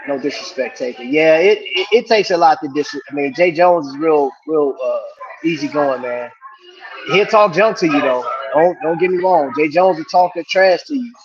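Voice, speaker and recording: A man's voice: fairly high pitch, moderate pace, crowd noise. Laid-back man chatting on a lo-fi stream. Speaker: watch reviewer and livestream host. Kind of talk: casual livestream chat. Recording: dull lo-fi stream audio.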